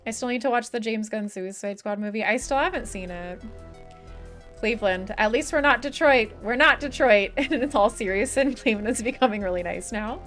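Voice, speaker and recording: A woman's voice: on the high side, fairly quick, a bit bright, faint music behind. A young woman streamer chatting casually with her live chat, swearing and laughing often, her voice starting to give out. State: losing her voice.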